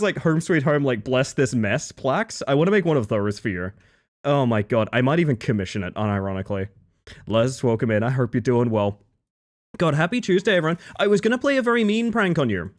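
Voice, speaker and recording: A man's voice: mid-range voice, sing-song, fairly quick. A man streaming live, chatting casually and greeting his chat one by one with playful, jokey asides.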